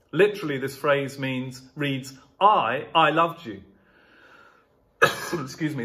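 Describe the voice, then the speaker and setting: A man's voice: mid-range voice, a bit bright. Man preaching with emphatic repetition. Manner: emphatic, rhetorical repetition, rising on key words. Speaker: pastor. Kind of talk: sermon.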